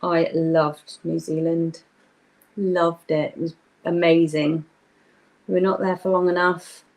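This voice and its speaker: A woman's voice: on the low side, level tone, slow pace, darkish tone. A young woman hosting a live craft workshop, chatting casually and greeting viewers by name while she works.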